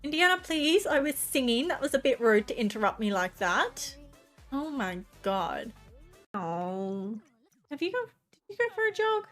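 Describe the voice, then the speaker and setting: A young adult woman streamer giving casual, excitable gameplay commentary, chatty and swearing often. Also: high-pitched, brisk, soft background music.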